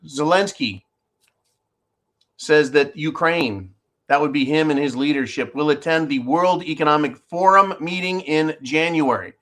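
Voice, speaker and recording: A man's voice: fairly high pitch, measured pace, a bit bright. A man hosting his own show, giving sarcastic, combative commentary straight to his viewers. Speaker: show host. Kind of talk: opinionated commentary.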